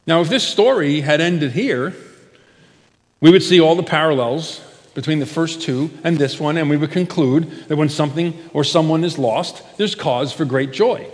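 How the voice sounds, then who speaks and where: A pastor preaching a sermon, his voice rising loud and falling quiet for emphasis. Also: on the high side, moderate pace. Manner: expressive preaching, swells loud then drops soft. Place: church sanctuary. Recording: church hall with long reverb.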